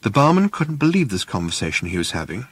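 Male narrator, wry and dry, lively up-and-down reading, very close dry studio sound. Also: lowish voice, fast, breathy edge, no echo. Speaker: audiobook narrator. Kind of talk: scripted narration.

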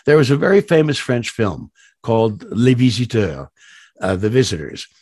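Give me an animated man spinning rambling anecdotes, dry close sound. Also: medium pitch, moderate pace, breathy edge, no echo. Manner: rambling, many fillers and restarts; animated, laughs at his own stories. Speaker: voice actor guest. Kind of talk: storytelling interview anecdotes.

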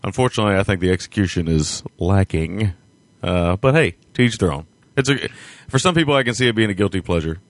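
Low-voiced man, rambling with dry sound. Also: expressive, fast talker, no echo. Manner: rambling, hesitant, laughs often. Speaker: podcast co-host. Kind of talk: casual chat.

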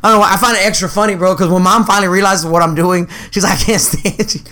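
A young man chatting casually as a podcast co-host, telling profane, animated stories and acting out the people he quotes. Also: high-pitched, racing. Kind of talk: casual chat.

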